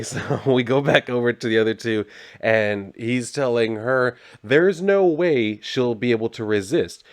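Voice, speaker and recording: A laid-back man recapping a comic book in loose, casual talk with plenty of swearing. His voice sits low and sounds dry and close, with no room echo.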